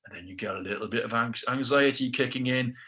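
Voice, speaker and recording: A man's voice: mid-range voice, quick pace, bright, forceful tone. A middle-aged man with a British accent telling his own story casually, acting out quotes with self-deprecating asides. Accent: British English.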